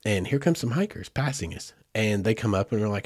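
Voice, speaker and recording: A man's voice: lowish voice, animated, a little fast, darkish tone, slightly rough, dry recording, studio quality. A man, a father, telling a family story in a casual, rambling way with lots of fillers. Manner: rambling, chatty, with many fillers like "like" and "you know".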